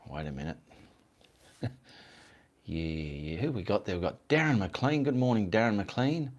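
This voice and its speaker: A man's voice: on the low side, lively intonation, unhurried, lo-fi sound. Chatty Australian man hosting a livestream. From Perth, Western Australia. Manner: rambling, friendly, greets viewers by name. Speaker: livestream host and artist. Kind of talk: casual live-stream chat.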